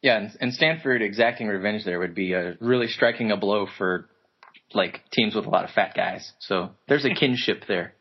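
A man's voice: fairly low pitch, moderate pace, breathy edge. A man co-hosting a podcast, chatting casually about sports with dry, wry quips. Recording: dull lo-fi podcast recording.

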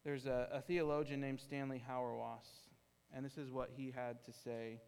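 A man's voice: mid-range voice, level tone, moderate pace, gravelly, darkish tone, smooth. A man preaching a sermon, telling a story earnestly and often restarting his phrases. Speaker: pastor. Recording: hall reverb.

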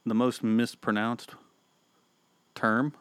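A man's voice: mid-range voice, flat delivery, slow pace, fairly bright tone, clear, resonant tone, no echo. Man, podcast co-host, playful, curious, dry close mic. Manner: playful, asks questions, chuckles. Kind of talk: casual chat.

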